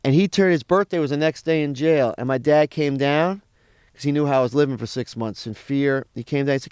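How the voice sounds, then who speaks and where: A man with a fairly high voice talks quickly and smoothly, recorded dry with clean studio sound. He's a comedian guest telling a profane story in casual chat, animated and acting out other people's lines.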